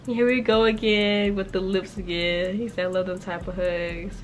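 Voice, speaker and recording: A young woman casually reacting to and reading her old writing aloud, animated and slangy, with frequent laughter in her delivery. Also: fairly low pitch, moderate pace, a little hiss or hum. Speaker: YouTuber.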